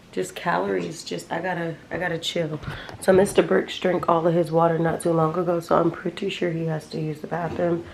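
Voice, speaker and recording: A woman's voice: lowish voice, creaky, a little mellow, a little hiss or hum, low-quality recording. A young woman from Florida, chatting casually to viewers in a vlog, rambling and calling them y'all. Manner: chatty, rambling, addresses viewers as y'all, baby-talks to her dog. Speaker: vlogger. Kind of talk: casual vlog chat to camera. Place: home, then inside a parked car.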